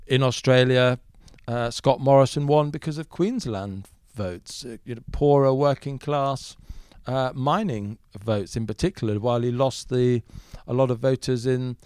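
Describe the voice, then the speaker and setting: A man in a podcast interview, answering as a political commentator in a measured, thoughtful way with frequent fillers. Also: mid-range voice, a little mellow, clear, resonant tone, no room sound, clean studio sound.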